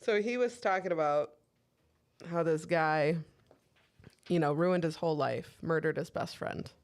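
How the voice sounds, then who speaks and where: A woman's voice: sits low, measured pace, darkish tone. Candid, profane woman co-host. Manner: candid, swearing storyteller who quotes herself. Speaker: podcast co-host. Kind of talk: casual chat.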